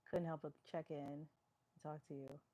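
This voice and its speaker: A woman's voice: low voice, fairly even intonation, normal speed, dark tone. A woman from New York, a fitness live-stream host, chatting casually as she reads viewer comments aloud and answers them.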